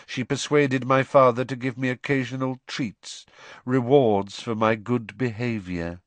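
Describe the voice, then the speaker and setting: A man voicing a dazed young man confessing in a flat, expressionless monotone. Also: medium pitch, measured pace, no echo, close to an everyday voice. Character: young man under truth potion, dazed and hollow.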